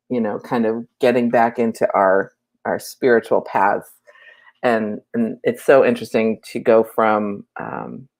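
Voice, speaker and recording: A woman's voice: extremely low pitch, darkish tone. A woman in her late forties hosting a casual live stream, chatting and greeting viewers by name. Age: 40s.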